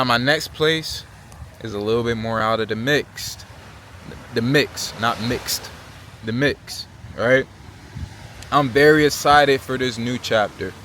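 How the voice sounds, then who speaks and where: A man's voice: medium pitch, bright, forceful tone, slight background noise. Young American man vlogging by a road. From Virginia Beach, Virginia, USA. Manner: slangy, earnest, repeats "right?" and "you know?". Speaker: travel vlogger. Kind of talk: casual vlog talk to camera.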